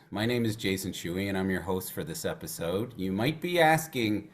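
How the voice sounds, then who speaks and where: A man's voice: low voice, expressive, moderate pace, few pauses. A man hosting a podcast episode in a jokey, upbeat way and laughing often. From Canada. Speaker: guest host.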